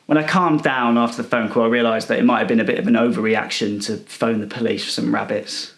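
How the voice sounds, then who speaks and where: A young man telling a rambling, self-righteous comic story in a deadpan, indignant manner. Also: mid-range voice, fast talker. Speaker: comedic character monologue performer.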